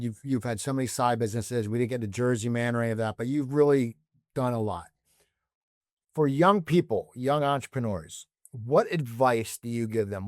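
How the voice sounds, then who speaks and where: A man co-hosting a business podcast asks friendly, rambling wrap-up questions. His pitch sits at an ordinary male level. The recording is dry and close. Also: darkish tone, no echo. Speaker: co-host.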